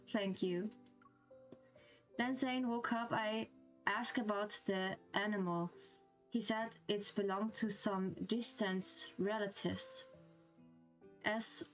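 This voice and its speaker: A woman's voice: medium pitch, fairly even intonation, slow, pauses often, faint music behind, poor audio. A woman streamer with a German accent who reads a game story aloud and reacts with giggly, gushing comments.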